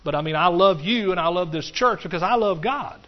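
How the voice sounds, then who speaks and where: A middle-aged man, preaching a folksy, animated sermon to his congregation and often talking to them directly. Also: sits high, fairly quick, muffled recording. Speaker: pastor.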